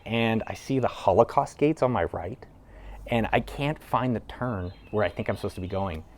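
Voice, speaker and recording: Host, male, slightly low voice, telling a raw personal story in a casual, rambling way. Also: expressive, moderate pace, slight background noise. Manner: loose and conversational, with frequent "like" fillers and casual swearing. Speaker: entrepreneur video host. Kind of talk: candid personal storytelling to camera.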